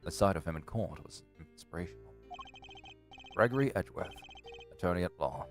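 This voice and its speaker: A composed prosecutor , read by a man, speaks in a lowered, subdued voice. Soft game music runs behind him. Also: expressive, brisk. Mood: reflective.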